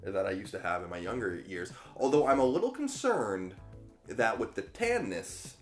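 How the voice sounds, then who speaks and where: An American man in his thirties hosting a solo political commentary video from a spare bedroom, casual and emphatic, slowing down to stress his points. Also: on the low side, sing-song, soft background music. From United States. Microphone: camera in a small room.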